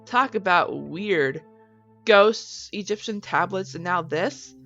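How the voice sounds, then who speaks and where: A woman's voice: medium pitch, slow pace, a bit bright, soft background music. A woman voicing a wry, probing detective who asks sarcastic questions, in a dull lo-fi recording.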